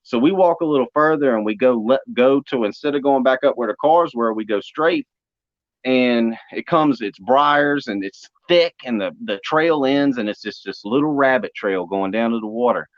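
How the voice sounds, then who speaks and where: Young male testimony storyteller, animated, mid-range voice; dry, muffled lo-fi recording. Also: mid-range voice, normal speed, no room sound. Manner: animated, acts out quotes. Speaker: speaker giving testimony. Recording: dry, dull lo-fi audio.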